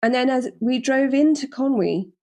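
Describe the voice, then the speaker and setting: A woman's voice: sits high, mellow. A woman hosting a podcast, chatting casually and jokily from a hotel room on a lapel mic, often correcting herself mid-sentence. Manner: chatty and jokey, with quick self-corrections. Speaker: podcast host.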